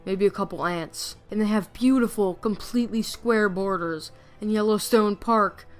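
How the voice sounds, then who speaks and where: A woman's voice: medium pitch, moderate pace, faint music behind. A woman narrating facts in a casual, playful way, joking as she goes. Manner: playful, jokey, chatty.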